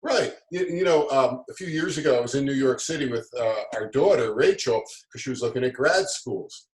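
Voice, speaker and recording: A man's voice: medium pitch, animated, a little fast. A middle-aged man telling stories in a casual interview, upbeat and motivational, restarting his sentences often. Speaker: guest, business author. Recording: roomy echo.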